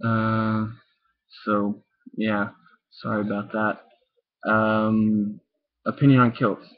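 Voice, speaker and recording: A man's voice: on the low side, level tone, takes it slowly, faint music behind. A young man answering viewer questions in a loose, rambling chat full of fillers and little chuckles, talking into his webcam. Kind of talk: casual chat. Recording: tinny lo-fi webcam audio.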